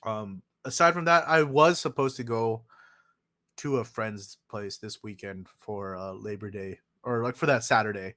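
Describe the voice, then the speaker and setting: A man hosting a casual podcast, animated and joking, swearing often and calling people "dude". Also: lowish voice, normal speed, dry recording, clean studio sound. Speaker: podcast host.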